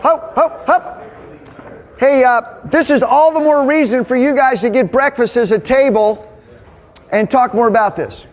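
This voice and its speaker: High-voiced man leading a men's Bible study. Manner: energetic, conversational, quick asides. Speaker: men's ministry leader. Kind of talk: casual Bible teaching to a men's group.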